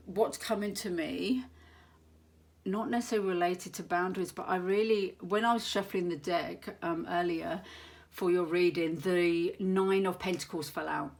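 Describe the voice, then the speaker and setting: A woman giving a monthly tarot reading to viewers, talking in an earnest, meandering way and searching aloud for her words. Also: lowish voice. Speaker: tarot reader.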